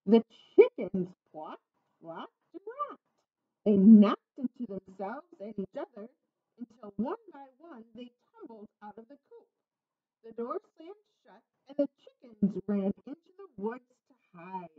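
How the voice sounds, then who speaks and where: A woman reads a children's picture book aloud in an expressive storytelling manner. Her voice is slightly high and swoops widely through each line at an unhurried pace. The recording has a slightly muffled, lo-fi sound.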